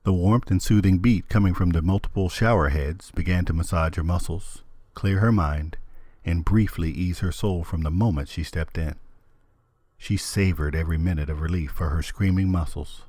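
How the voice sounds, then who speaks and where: A man narrating an audiobook in a measured, steady storytelling manner. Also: low voice, no echo. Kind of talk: scripted narration.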